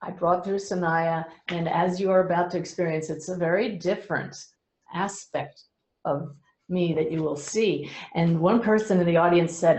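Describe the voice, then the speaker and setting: Middle-aged woman, lowish voice, earnest explainer with a light touch of humor, roomy echo. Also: steady tone, normal speed. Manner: earnest, gently humorous storytelling. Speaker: medium and speaker. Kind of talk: explaining to a webinar audience.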